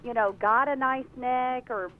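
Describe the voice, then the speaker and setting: A woman beauty expert giving brisk advice as a guest on a radio show. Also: high-pitched, fairly even intonation, phone-quality sound. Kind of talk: phone-in interview.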